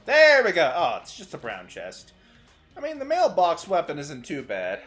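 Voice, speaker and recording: A young man streaming a game, chatting with his viewers as he plays and breaking into sudden excited outbursts. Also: fairly high pitch, normal speed, soft background music. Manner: chatty, answers chat while playing, sudden excited outbursts. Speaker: VTuber streamer. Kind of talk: gaming livestream commentary.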